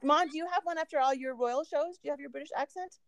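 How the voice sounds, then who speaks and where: A woman's voice: sits high, fast, a bit bright, no echo. A woman co-hosting a podcast, telling a long rambling story in casual chat. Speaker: podcast co-host.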